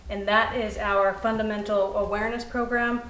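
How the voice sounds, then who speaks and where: A woman dog trainer explaining puppy commands in a calm teaching manner, softly praising the puppy between steps. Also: mid-range voice, normal speed. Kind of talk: instructional demonstration. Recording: echoey room, faint noise.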